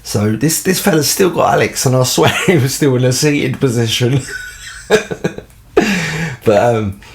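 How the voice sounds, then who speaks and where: A man's voice: medium pitch, lively intonation, measured pace, creaky. A man with a London accent telling a casual anecdote, rambling and full of fillers. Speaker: storyteller.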